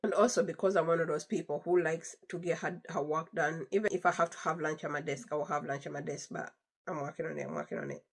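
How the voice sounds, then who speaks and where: Chatty young woman with vocal fry. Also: low-pitched, fairly even intonation, quick pace. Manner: chatty and emphatic, repeats phrases for stress. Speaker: vlogger telling a work story. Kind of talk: casual storytelling to the camera.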